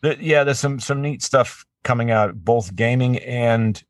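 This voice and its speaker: A man's voice: medium pitch, a little slow, dry recording, studio quality. A man who works as a voice actor, chatting as an interview guest, talking in a friendly, rambling way with frequent restarts and easy laughter. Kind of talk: casual interview chat.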